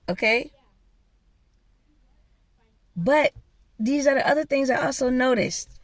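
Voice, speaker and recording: A woman's voice: high voice, expressive, measured pace, long pauses, no room sound. A woman vlogger telling a personal story in a blunt, profane, emphatic way. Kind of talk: casual storytelling rant.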